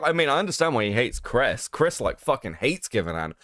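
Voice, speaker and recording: A British man hosts a casual livestream, reading chat and reacting to screenshots while being sarcastic, swearing a lot, and putting on mocking voices when he quotes others. His mid-range voice swings widely in pitch, runs at normal speed with hardly any pauses, and sounds a bit bright. The studio-quality recording has no room sound.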